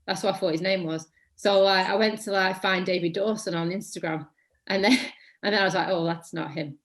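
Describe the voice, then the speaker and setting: A guest actor from England, a woman in her thirties with a Mancunian accent, talks briskly at medium pitch in a casual interview. She rambles, fixes her own wording mid-flow, and says her voice tends toward monotony.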